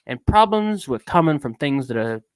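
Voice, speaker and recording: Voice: mid-range voice, big pitch swings, moderate pace, smooth, no echo, close to an everyday voice. Streamer doing a pompous fake british voice, all tortured and dramatic, dry sound. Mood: mournful. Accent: put-on British. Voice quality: theatrical, affected drawl. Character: grandiose anguished man reading his own confession. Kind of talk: dramatic reading of a text.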